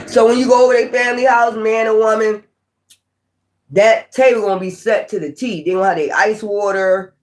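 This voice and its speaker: A tarot reader giving a casual reading who laughs often, swears freely and acts out imagined people in quick asides. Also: mid-range voice, fairly even intonation.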